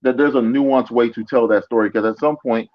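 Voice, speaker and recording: A man co-hosting a casual podcast, speaking haltingly and restarting his sentences. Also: medium pitch, steady tone. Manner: halting, hesitant, repeats himself. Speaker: podcast co-host. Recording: dull lo-fi audio.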